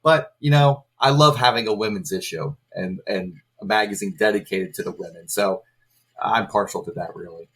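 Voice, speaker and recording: A man speaking as a guest on a wrestling podcast, explaining things in a measured, informative way. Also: fairly low pitch, a bit bright. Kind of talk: casual podcast chat.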